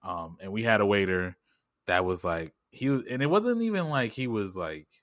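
A man's voice: on the low side, very animated, normal speed, fairly bright tone, no room sound, studio quality. A man telling a story in loose, slangy casual chat, full of "like" and "you know what I'm saying".

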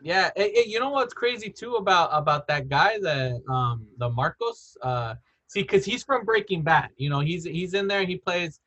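A man chatting casually, his sentences full of "like"s and restarts. His voice sits a little higher than usual. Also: expressive, moderate pace, bright, forceful tone. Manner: rambling, full of "like" and restarts, laughs often. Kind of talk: casual chat.

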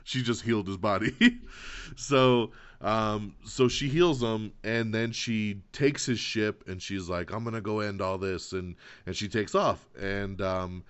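An excitable, foul-mouthed man hosts a casual podcast chat and acts out quotes as he goes. His voice sits low. The sound is dull and lo-fi. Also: slow, clear, resonant tone. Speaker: podcast host.

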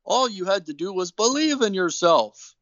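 A jolly old Santa Claus, as a man puts him on, grandfatherly and syrupy, pitched well up in a sing-song storybook lilt that swoops about. The sound is dull and dry, lo-fi with no room around it. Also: lively intonation, moderate pace, a bit bright, dry recording. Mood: cheery.

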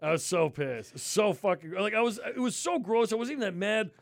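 A man's voice: high voice, fairly quick, dry recording. Profane man ranting, dry studio. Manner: animated, swears constantly, disgusted ranting. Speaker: podcast host. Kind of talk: casual profane storytelling.

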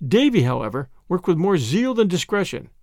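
A man narrating a storybook in an expressive reading. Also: high-pitched, a little fast, dry recording, clean studio sound. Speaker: audiobook narrator. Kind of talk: scripted narration.

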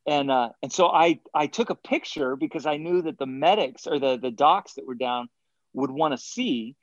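Man telling lively stories, dry muffled sound. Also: medium pitch, normal speed, no room sound. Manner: animated anecdotes, acts out quotes, chuckles often. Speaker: guest athlete. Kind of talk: casual storytelling interview.

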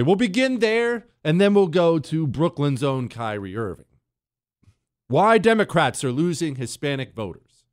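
A middle-aged American man hosts a talk radio show from a studio, delivering a combative, sarcastic monologue that rambles with restarts and asides. His voice is a little high, and the studio sound is clean with no echo.

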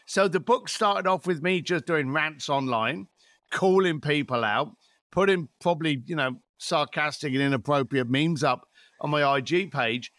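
A man's voice: a little high, normal speed, fairly bright tone, no echo, clean studio sound. A man in his fifties, a podcast guest telling stories in a blunt, swearing, rant-like way. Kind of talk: podcast interview.

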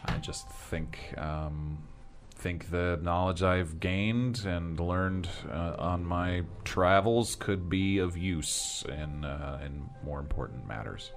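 A man's voice: low voice, takes it slowly, faint music behind. A man playing a tabletop role-playing game, speaking as his character in a casual, wry way. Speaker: player.

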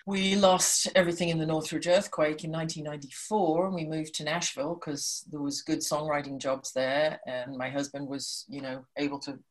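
A woman in her sixties from Liverpool, chatting as an interview guest and telling lively anecdotes that act out the voices of people in them. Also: low voice, normal speed, hardly any pauses. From Liverpool, England. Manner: chatty and animated, acts out quoted voices. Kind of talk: casual storytelling in conversation.

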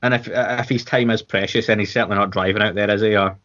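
A man's voice: on the low side, steady tone, quick pace, fairly bright tone, dull audio. A Scottish man co-hosting a podcast, chatting casually and rambling with restarts and fillers. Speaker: podcast co-host. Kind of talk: casual watchalong chat.

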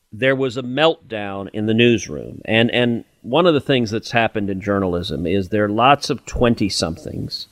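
A man's voice: mid-range voice, fairly bright tone, no echo. A middle-aged man, a senator hosting a podcast, giving emphatic, scornful political commentary that builds into indignant mockery.

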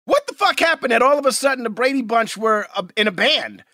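A man co-hosting a podcast in casual chat, loud and animated, often profane and breaking into shouting. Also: very high-pitched, a little fast, no echo, clean studio sound. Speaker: podcast co-host.

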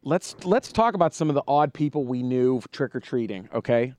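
Male podcast host, casual chat, lively swooping pitch, dry close sound. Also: moderate pace, no room sound. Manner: animated storyteller, puts on voices in quotes.

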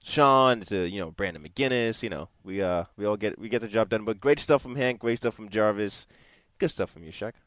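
Producer, male, lowish voice, dry studio sound, laid-back. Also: fairly quick, fairly bright tone, no room sound. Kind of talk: casual sports chat.

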